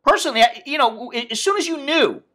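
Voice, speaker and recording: A man's voice: extremely high pitch, normal speed, a bit bright. A man from the United States ranting bluntly and profanely in a casual vlog. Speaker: expat vlogger.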